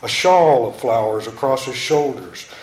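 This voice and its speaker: A man reading poetry aloud in a slow, incantatory, dramatic way. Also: mid-range voice, animated, darkish tone. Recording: roomy echo.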